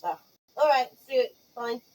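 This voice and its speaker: A woman's voice: on the high side, lively intonation, normal speed, darkish tone, poor audio. A woman playing a tabletop game, talking casually and enthusiastically with some swearing. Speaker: player.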